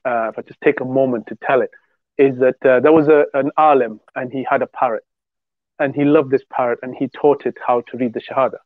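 A man's voice: mid-range voice, steady tone, fairly quick, no echo. Male co-host, casual rambling teller, phone-quality dry audio. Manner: rambling storyteller with many restarts. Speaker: podcast co-host. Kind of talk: casual religious discussion. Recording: tinny phone-like dry sound.

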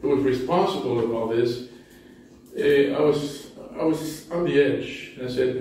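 A man's voice: mid-range voice, measured pace, dark tone. A male pastor preaching a sermon in a church sanctuary, telling stories with self-deprecating humor in a conversational way. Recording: very echoey hall, distant mic.

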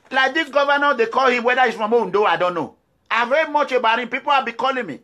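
A Nigerian man from Edo State speaks English with a Nigerian accent in an extremely high, pushed, bright voice, talking fast. In an impassioned video address to his followers, he is fiery and defiant, repeating declarations.

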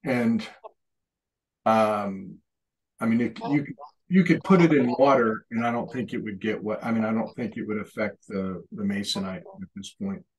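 A man's voice: on the low side, normal speed, breathy edge. A man chatting casually on a video call while painting, rambling and correcting himself. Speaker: artist painting during a group session.

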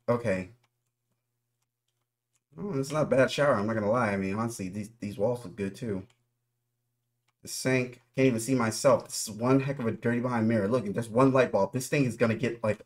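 Jumpy man narrating a horror game. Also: lowish voice. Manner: jittery, talks to viewers as guys, nervous running commentary. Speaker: gaming YouTuber. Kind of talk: horror game let's play commentary.

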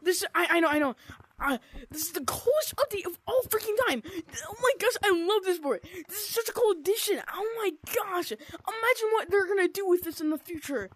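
A woman giving excited gameplay commentary, gushing and squealing, with "oh my gosh" and "dude" constantly. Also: very high-pitched, fairly quick, a little hiss or hum. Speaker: gaming video creator.

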